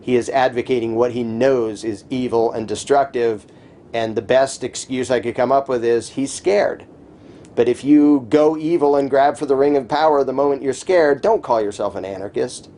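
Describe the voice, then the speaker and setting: A man's voice: medium pitch, normal speed, dark tone. A man speaking as a guest in a conversational interview, talking emphatically and scornfully, sometimes mimicking the people he criticizes. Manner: emphatic, scornful, mocks opponents' voices.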